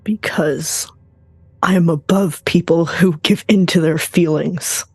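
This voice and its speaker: Player voicing a cold ambitious woman scientist, self-assured, husky voice, dry sound. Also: mid-range voice, fairly even intonation, slow pace, dry recording. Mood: cold defiance. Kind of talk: tabletop role-play.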